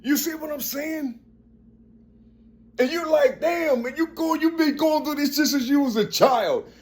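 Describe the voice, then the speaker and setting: A man in his fifties with a strong, forceful tone, talking in a rambling personal monologue and repeating phrases as he searches for words. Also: extremely high pitch, measured pace. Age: 50s.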